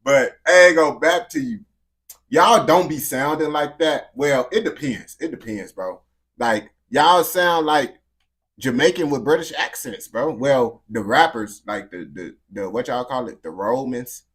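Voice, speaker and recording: A man's voice: medium pitch, animated, a little slow, a bit bright. A man giving casual, slangy, emphatic reaction commentary. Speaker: reaction video host.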